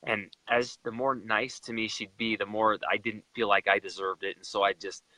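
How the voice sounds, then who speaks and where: A young man from Utah tells a personal story as a chat guest, in an emotional, animated way. His voice is bright and forceful, and it sounds dry and close, with no room echo. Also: on the low side, moderate pace.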